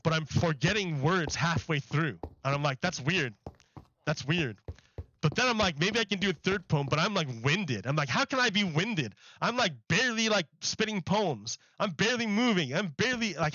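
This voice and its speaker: A man's voice: sits high, lively intonation, normal speed, bright, forceful tone, muffled recording. A man chatting casually on a livestream while gaming, rambling and filling his talk with "like". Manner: rambling, heavy use of "like".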